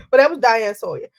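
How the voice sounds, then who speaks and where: A woman's voice: a little high, gravelly. A woman co-hosting a casual chat podcast, telling stories with energy and acting out quotes. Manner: animated storytelling, acts out quotes. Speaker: podcast co-host.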